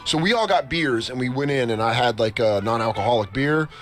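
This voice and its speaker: An American talk show host tells a long, profane story, voicing the people in it with lots of animation. His medium-pitched voice moves fairly quickly, and the radio broadcast has faint music behind it.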